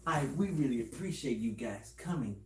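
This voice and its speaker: A man's voice: mid-range voice, animated, moderate pace, a little mellow, reverberant, rough recording. Rambling man giving earnest life advice. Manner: rambling, repetitive, earnest advice with many restarts. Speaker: video creator. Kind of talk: casual motivational talk to camera.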